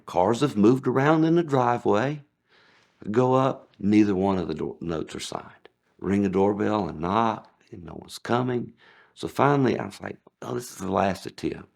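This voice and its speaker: With a creaky voice, a former package delivery driver shares sarcastic anecdotes from his delivery days. He acts out the people he quotes, jumping sharply in pitch for each one.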